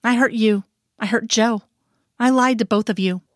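A woman's voice: on the high side, normal speed, no room sound, studio quality, close to an everyday voice. A woman voicing a distraught, crying wife in an audiobook reading. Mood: tearful. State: tearful.

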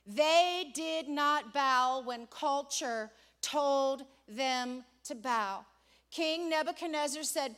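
A woman's voice: sits high, takes it slowly, fairly bright tone. A woman preaching a sermon to a congregation, stretching out key words for dramatic emphasis and quizzing her listeners on the next word. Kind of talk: sermon with call-and-response questions. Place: church before a congregation.

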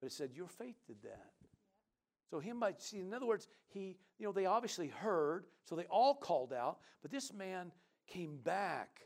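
At a moderate pace, a man preaching as pastor reads scripture aloud, his high-sitting voice marked by big swings in pitch. Conversational asides give way to loud, emphatic bursts as he calls out for amens.

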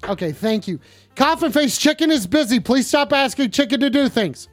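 A man's voice: very high-pitched, expressive, moderate pace, soft background music. Man hosting a profane call-in stream. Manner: profane, rambling, jokey. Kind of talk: casual crude call-in show.

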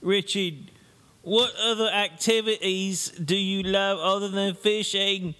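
A man's voice: sits high, fairly even intonation, takes it slowly, bright, forceful tone, heavily acted. A man putting on a stiff, robot-like British voice to read a listener letter aloud on a comedy radio show. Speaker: co-host reading a listener letter.

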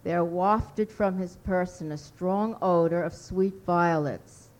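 A woman reading her own fiction aloud at a writers' workshop, measured and deliberate. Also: on the low side, low-quality recording.

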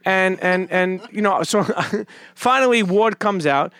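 A man hosting a podcast, with a fairly high voice, rambling through a profane story full of restarts and false starts. He sounds close and dry, as if speaking right into the mic. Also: animated, slow pace, a bit bright, clean tone, no room sound. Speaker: podcast host. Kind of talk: casual podcast chat.

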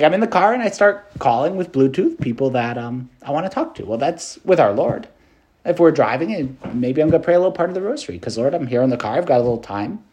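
A Catholic priest giving a conversational preached meditation, casual and animated, with plenty of fillers. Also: male voice, on the high side.

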